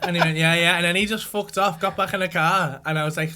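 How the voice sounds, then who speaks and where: Talking at a quick pace in a voice that sits high, a comedian hosting a podcast tells a profane anecdote to a live studio crowd, performing the other people's lines with animation. Heavy background noise fills the recording.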